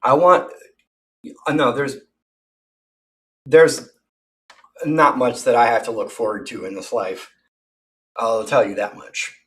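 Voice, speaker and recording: A man's voice: medium pitch, normal speed, far from the mic. Brief: man, seething threatening rant, curses constantly, repeats himself, mic set back. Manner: profane, threatening, repetitive. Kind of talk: angry rant to camera.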